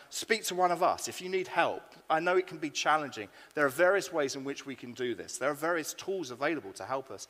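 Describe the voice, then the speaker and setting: A man preaching a sermon to his congregation, earnest and rising to bursts of excitement. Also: high-pitched, a little fast. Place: church hall. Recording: long hall reverb.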